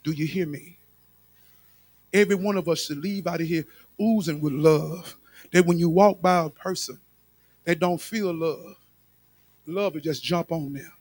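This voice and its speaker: A man's voice: fairly high pitch, a little slow, pauses often, darkish tone, husky, no echo. A male pastor preaching a sermon with emphatic repetition, speaking straight to his congregation.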